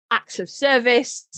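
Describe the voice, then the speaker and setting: A woman hosts a podcast, explaining things frankly and candidly in a casual chat, swearing and laughing easily. Her voice is on the high side and a bit bright, with no room sound.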